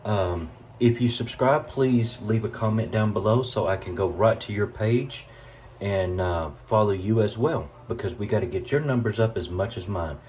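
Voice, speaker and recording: A chatty Southern US man hosts a relaxed cooking video in his home kitchen, talking to his viewers like old friends. His voice sits a little low and sounds mellow and warm. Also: normal speed, slight background noise. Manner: folksy, chatty, addresses viewers as y'all. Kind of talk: casual cooking vlog.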